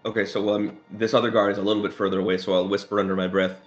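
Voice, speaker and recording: A male player talks fast and low as he schemes with the group. His dull, lo-fi audio has faint music under it. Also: level tone. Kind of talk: casual tabletop play.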